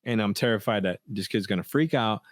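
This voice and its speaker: A low-pitched man chats on a podcast, reflective and easygoing, breaking into laughs and starting sentences over. His voice is close on the mic and dry, with no room sound around it. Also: fairly quick, no room sound. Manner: reflective, laughs often, many restarts. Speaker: podcast co-host. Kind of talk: casual podcast chat.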